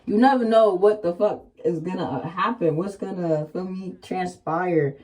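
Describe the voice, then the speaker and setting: A young female vlogger tells a casual story in a candid, chatty way, packing her speech with slang and filler words and now and then bursting into excited exclamations. Her voice is fairly low and she talks at a moderate pace.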